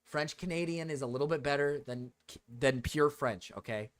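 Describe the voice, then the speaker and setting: A man's voice: fairly high pitch, normal speed. A man streaming, rambling through joking rants with lots of repetition and swearing. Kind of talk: casual live-stream chat.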